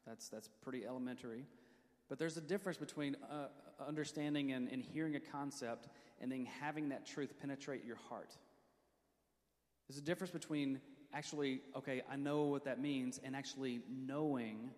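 A man preaching a sermon who leads the congregation in call-and-response, tells stories from his own life, and slows down to read scripture. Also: mid-range voice, darkish tone. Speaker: pastor. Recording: long reverb of a church hall.

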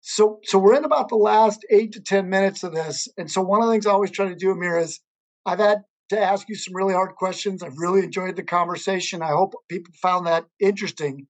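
A man's voice: high voice, a little fast. A male podcast host talks earnestly in a conversational interview. He leans into storytelling and repeats phrases as he works through a point.

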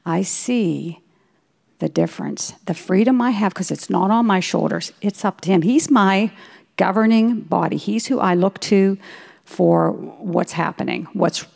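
A woman's voice: medium pitch, unhurried, vocal fry, darkish tone. A middle-aged woman giving an earnest personal testimony in a devotional talk, telling stories and quoting herself and others. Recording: long reverb in a hall.

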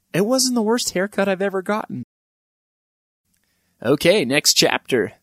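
Middle aged guy telling funny stories about his life, wry and deadpan, voice jumps up high for punchlines, dead dry room. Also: dry recording. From Wyoming. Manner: wry, deadpan asides with bursts of high-pitched emphasis. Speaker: storyteller. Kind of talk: comic personal storytelling.

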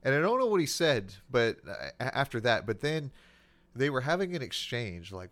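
A man's voice: mid-range voice, a little fast. Man telling a cop story, laughing. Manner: animated, laughs while telling stories. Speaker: police officer, guest. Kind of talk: casual storytelling.

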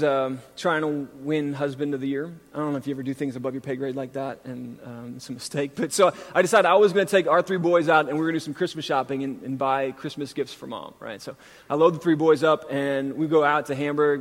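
A pastor in his thirties preaching a sermon, moving from scripture into a self-deprecating, animated family story. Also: a little high. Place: church sanctuary. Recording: long reverb from a large hall.

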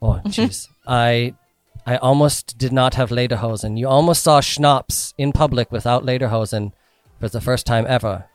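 Cheeky deadpan man, faint music behind. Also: medium pitch, moderate pace, smooth, dry recording. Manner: cheeky, deadpan, bossy teasing. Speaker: guest comedian. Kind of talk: comic banter in a German party persona.

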